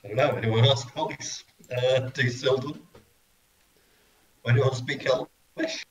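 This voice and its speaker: A man playing a tabletop game, asking curious quick questions. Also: mid-range voice, steady tone, a little hiss or hum. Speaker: player. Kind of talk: casual tabletop play. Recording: echoey room.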